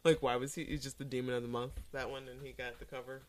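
A woman's voice: very deep voice, flat delivery, fast, a crowd in the background. A woman co-hosting a podcast in casual chat, retelling scenes animatedly and laughing often. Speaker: podcast co-host.

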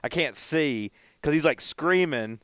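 A man's voice: a little high, lively intonation, measured pace, fairly bright tone, clean tone, no room sound, studio quality. A man co-hosting a casual chat, telling stories in a rambling way and often stumbling over and repeating his words.

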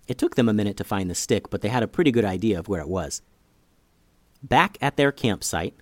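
A man reading a children's story aloud, with lively, expressive storytelling. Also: fairly low pitch, no echo.

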